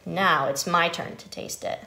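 A woman's voice: on the low side, measured pace, gravelly, sharp tone, pitched below the performer's own voice, heavily acted. A woman voicing a greedy pig who loves to taste food, pouting and full of appetite in a storybook read-aloud. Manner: pouty, greedy.

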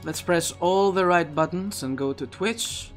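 A man's voice: sits high, unhurried, faint music behind. A man streaming a video game live, chatting in a loose, rambling way and often restarting his sentences. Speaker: Twitch streamer. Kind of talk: live gameplay commentary. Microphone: his own streaming microphone.

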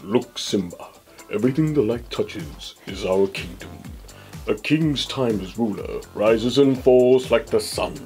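A man doing a deep, solemn lion king father. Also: animated, darkish tone, faint music behind, natural voice. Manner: slow, solemn, booming.

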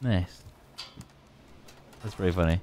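A man's voice: low-pitched, takes it slowly, darkish tone, a little hiss or hum. A young man giving casual, joking and profane commentary while playing a video game, sometimes reading its dialogue aloud.

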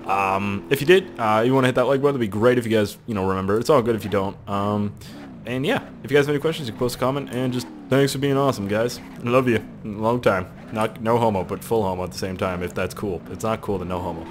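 A man's voice: fairly low pitch, fast talker, slight background noise. Rambling, foul-mouthed male game commentator. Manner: rambling, profane, excitable. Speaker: host.

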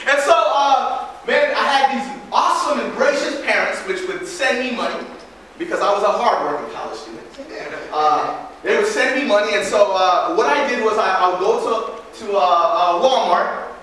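A young man preaching a sermon as pastor, telling a story in a lively, halting way with many restarts, in a church hall. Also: high voice, a little hiss or hum. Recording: echoey hall, far from mic.

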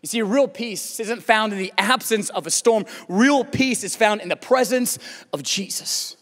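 High-voiced American pastor preaching in a hall. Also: male voice, a little slow, a bit bright. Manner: storytelling preacher, rising to impassioned pleas. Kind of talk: sermon. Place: church auditorium.

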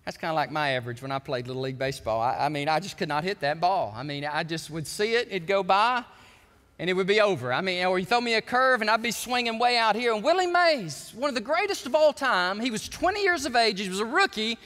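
A pastor with a high, lively voice preaches a sermon at a quick pace in a large church sanctuary. He tells stories animatedly, acting out quoted voices, and the recording carries the sanctuary's long reverb.

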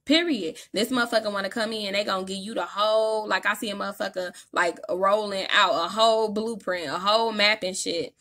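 A woman's voice: medium pitch, fairly quick, hardly any pauses, bright, forceful tone. A woman giving a casual tarot reading, talking in an emphatic, slangy, profane way. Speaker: tarot reader.

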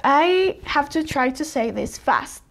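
Mexican lady vlogging, high voice, slow careful tongue twisters, keeps tripping and restarting. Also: lively intonation. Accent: Mexican Spanish. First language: Spanish. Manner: stumbling, self-correcting, giggly. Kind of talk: casual tongue-twister attempts.

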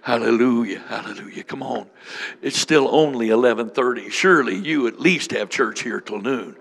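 Man, bishop, gravelly voice, fervent sermon, repeated prayer lines, speaking in tongues. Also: mid-range voice, moderate pace, fairly bright tone.

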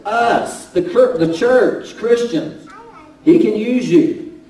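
A man preaching a sermon as pastor, swinging between loud exclamations and hushed storytelling. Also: high voice, takes it slowly. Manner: animated, rising to shouts then dropping to hushed storytelling. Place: church sanctuary. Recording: roomy church sound from a distance.

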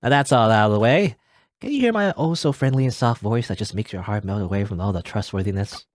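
A man's voice: on the low side, animated, quick pace. A man voicing a smug, chatty male guardian angel in a game, breezy and teasing. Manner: breezy, teasing, self-satisfied.

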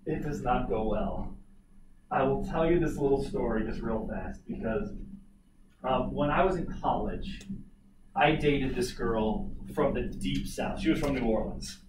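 A man's voice: mid-range voice, unhurried. A man from Colorado teaching a history class, telling stories and joking with his students. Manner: animated, jokey asides to students. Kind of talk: classroom lecture with storytelling. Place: classroom, recorded from afar. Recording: echoey room, distant mic, noisy.

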